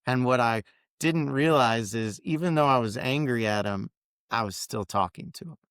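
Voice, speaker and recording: A man's voice: mid-range voice, moderate pace, a bit bright, clean tone, dry recording, clean studio sound. A man, a veteran guest on a podcast, talking candidly and bluntly with frequent swearing.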